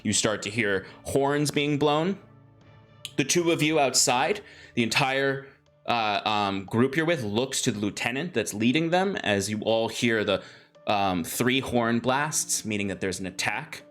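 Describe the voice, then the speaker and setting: A man's voice: mid-range voice, lively intonation, unhurried, a bit bright, soft background music. A man narrating a tabletop game as game master, with plenty of ums and restarts. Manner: hesitant, filler-heavy narration.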